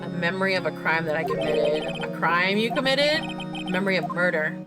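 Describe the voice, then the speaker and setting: A woman reading the lines of a troubled young male prosecutor in a halting, grave way. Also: fairly low pitch, close to an everyday voice. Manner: halting, grave confession read aloud. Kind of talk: dubbing game dialogue live. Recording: game music playing behind.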